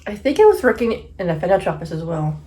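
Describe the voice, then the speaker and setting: Woman, 30s, mukbang host. Low-ish voice, casual storytelling, laughs a lot. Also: sing-song, fast talker. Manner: chatty, laughs often, acts out quotes loudly. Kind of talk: casual storytelling while eating.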